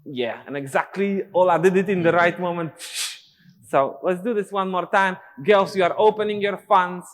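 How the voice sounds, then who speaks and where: Guy teaching dance, fairly high voice, counts ta ta ra, echoey studio. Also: normal speed. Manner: rhythmic syllable counting, instructive. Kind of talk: counting and explaining dance steps.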